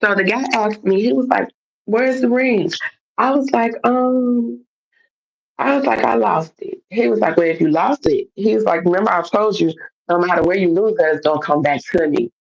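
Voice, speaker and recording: Gravelly woman telling a story. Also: mid-range voice, a little fast. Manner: animated retelling that acts out others' lines. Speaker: guest on a live stream. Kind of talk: casual storytelling. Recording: dull lo-fi stream audio.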